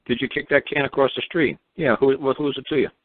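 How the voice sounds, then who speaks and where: A New York radio show host fires blunt, profane rhetorical questions at a caller during a call-in show, with a tinny phone-line sound. His voice is medium-pitched and steady, he talks fast, and there's no echo.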